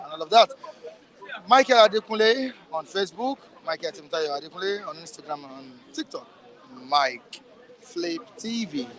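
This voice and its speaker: Upbeat Nigerian male show host, high-pitched, working outdoors. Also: fairly bright tone. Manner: upbeat, promotional sign-off. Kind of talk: street interview show.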